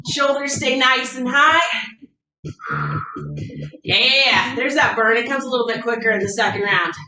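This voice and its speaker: A woman fitness coach leading a workout, encouraging and counting down the reps. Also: sits high. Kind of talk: workout instruction. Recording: echoey room, distant mic.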